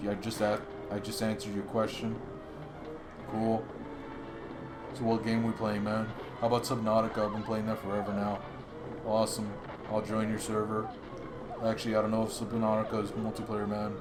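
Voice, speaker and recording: A man's voice: fairly low pitch, completely flat delivery, moderate pace, long pauses, music in the background, pitched below the performer's own voice, lightly acted. A man doing a laid-back game streamer.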